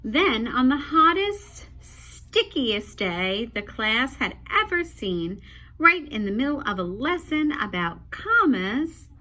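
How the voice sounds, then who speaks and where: A woman teacher reading a picture book aloud to children, with expressive storytelling and small asides. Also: a little high, slow pace.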